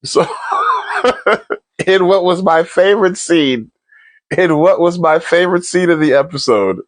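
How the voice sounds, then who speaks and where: A man giving a casual spoiler recap of a TV episode in a slangy, animated way. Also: high-pitched, unhurried, no echo. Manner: slangy, animated, laughs often. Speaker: TV episode reviewer.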